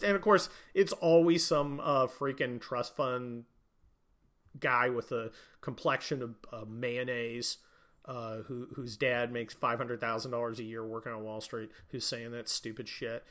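A man's voice: mid-range voice, steady tone, measured pace, fairly bright tone. A man hosting a podcast, ranting sarcastically and profanely in a rambling way. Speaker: podcast host. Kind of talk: sarcastic political rant.

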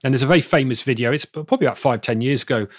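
A man's voice: medium pitch, very fast, dry recording, studio quality. A man from southern England with a southern English accent, answering interview questions at length as an expert guest, often restarting his sentences. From Bristol, England. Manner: rambling, self-correcting explainer.

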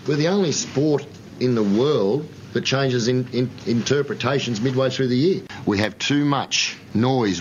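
A man with an Australian accent giving a blunt, exasperated opinion about rugby league in a played clip. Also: medium pitch. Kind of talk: impassioned opinion. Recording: dull, slightly noisy clip.

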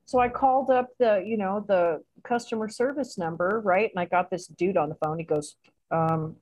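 A woman's voice: medium pitch, moderate pace, darkish tone, poor audio. A woman recounts a story in a loose, conversational way. She laughs often and swears freely as she talks. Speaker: interview guest. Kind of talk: casual storytelling.

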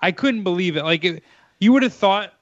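A young man co-hosts a podcast and tells a rambling, casual story, cursing freely and jumping up in pitch when he quotes people. His voice sits a little high for a man. The recording is dry and slightly muffled. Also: lively intonation, fairly quick, dry recording. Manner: laid-back, swears casually, acts out quotes in a raised voice. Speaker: podcast co-host.

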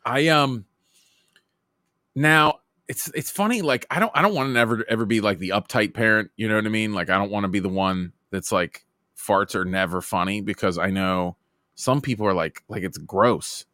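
A man's voice: fairly low pitch, moderate pace, no echo, clean studio sound. A man in his thirties chatting loosely about parenting and kids' humor, with many restarts and fillers. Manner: lively, rambling, lots of "like" and restarts. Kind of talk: casual chat.

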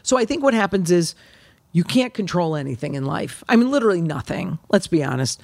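Brash, animated woman comic telling stories. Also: lowish voice, a little fast, gravelly, dry recording. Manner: brash, animated storytelling with profanity. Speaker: comedian guest. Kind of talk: casual chat.

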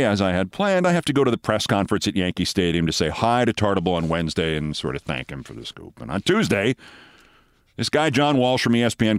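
A man's voice: mid-range voice, clean tone, no echo. A man in his sixties telling a long personal story as podcast host, wry and dry, acting out the quoted lines. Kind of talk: storytelling monologue.

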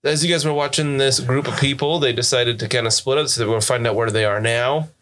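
An American man runs a tabletop role-playing game as game master. He narrates in a chatty, easygoing way and laughs easily. His voice sits at an ordinary middle pitch. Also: fairly even intonation, fast, fairly bright tone. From United States.

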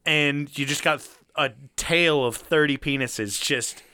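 Guy cohost cracking dirty jokes, bright punchy voice, dry close mic. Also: fairly high pitch, a little slow, smooth, dry recording. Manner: jokey, profane riffing, spins silly scenarios. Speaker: podcast co-host. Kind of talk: casual podcast chat.

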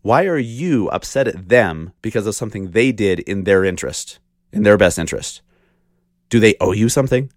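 Blunt deep-voiced man ranting on a podcast. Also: lively intonation, moderate pace, no echo, studio quality. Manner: blunt, ranting, rhetorical questions, swears. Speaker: podcast host. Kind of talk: casual solo podcast monologue.

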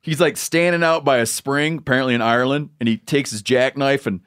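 A man's voice: mid-range voice, fairly even intonation, brisk, fairly bright tone, smooth. Joking man telling a rambling story. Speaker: podcast host. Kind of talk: casual podcast chat, storytelling.

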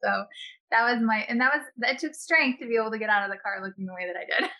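A woman guest, a health and wellness expert, in casual chat, talking in a chatty, animated way and laughing often. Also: a little high, fast talker.

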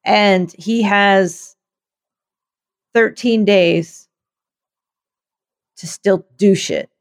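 A woman's voice: mid-range voice, drawn-out words. Woman chatting politics, dry sarcastic jokes, kinda rambly. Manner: wry, deadpan sarcasm, rambling. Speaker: podcast co-host. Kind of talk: casual political chat.

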